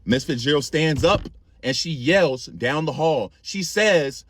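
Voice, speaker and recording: A man's voice: medium pitch, very animated, unhurried, breathy edge. A man telling a casual, profane story and calling his listeners gang.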